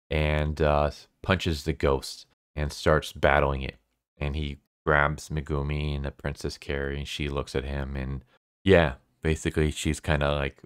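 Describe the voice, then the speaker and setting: Man with a very low, smooth voice, recorded dry and close, casually recapping a manga plot. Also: fairly bright tone, no room sound. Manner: laid-back, chatty, full of "like" and "basically". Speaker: manga reviewer.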